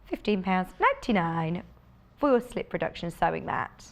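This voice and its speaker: A woman presenting a live home shopping show, chatty and enthusiastic, chatting with off-camera crew between sales pitches. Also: big pitch swings, normal speed, vocal fry. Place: TV studio.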